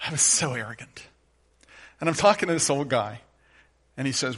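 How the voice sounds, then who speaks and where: A middle-aged man preaching a sermon as pastor, moving from quiet, conversational storytelling to emphatic, rising declarations. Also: mid-range voice, animated, normal speed, husky.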